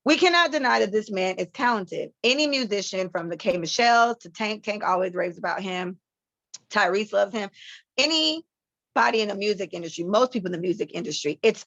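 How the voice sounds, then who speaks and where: Gravelly, blunt-talking woman podcaster. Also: medium pitch, no echo. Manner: blunt, profane, animated storytelling. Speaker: podcast co-host. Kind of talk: casual commentary. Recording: slightly muffled dry podcast mic.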